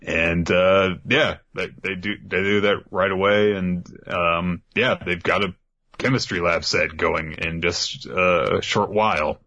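A man's voice: deep voice, steady tone, a little slow, bright, forceful tone. A man hosting a podcast, recapping a show in casual rambling chat and laughing often. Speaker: podcast host. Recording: dull lo-fi.

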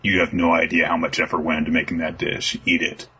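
A man's voice: a bass voice, level tone, fast, pushed and bright, slight background noise. A man doing a hot-tempered, chivalrous young cook. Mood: lecturing. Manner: blunt, lecturing.

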